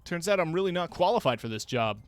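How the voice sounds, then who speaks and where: A man's voice: fairly high pitch, very animated, quick pace, dry recording, voice pushed up. A man voicing a nervous, out-of-his-depth young male new hire in a game, talking in a flustered, self-deprecating way.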